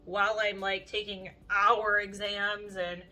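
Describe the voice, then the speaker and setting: A young woman beauty vlogger talking to camera in an animated, chatty way, leaning heavily on "like" as she tells stories. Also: mid-range voice, takes it slowly, slight background noise. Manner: animated, chatty, heavy use of "like". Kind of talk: casual storytelling chat to camera.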